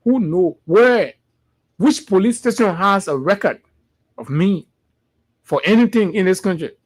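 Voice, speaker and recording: A man's voice: high voice, lively intonation, measured pace. A man with a Liberian English accent hosting a morning show, giving impassioned political commentary and repeating phrases for emphasis.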